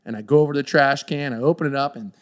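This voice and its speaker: A man in his thirties chatting on a podcast, telling lively stories and acting out the voices of the people in them. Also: mid-range voice, very fast. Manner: animated storyteller, acts out voices in quotes. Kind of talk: casual chat.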